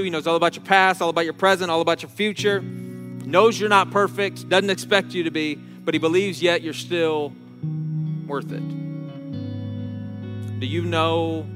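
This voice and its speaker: A pastor delivers a sermon earnestly and without hurry, his voice a little high for a man. He often stumbles over a phrase and starts again, slowing down on key words, while his voice rings with a long echo over faint guitar.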